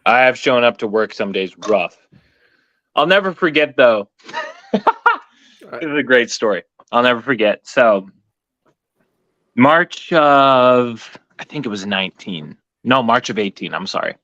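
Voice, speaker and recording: A man co-hosting a casual live chat, telling stories in an animated, profane way with lots of laughter. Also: medium pitch, measured pace, long pauses, dry recording, muffled recording. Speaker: co-host.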